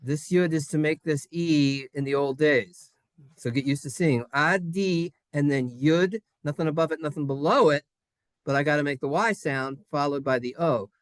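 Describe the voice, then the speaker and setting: A man's voice: fairly high pitch, moderate pace, dry recording, clean studio sound. A man teaching a playful Hebrew lesson to children in a synagogue classroom, jokey and sing-song.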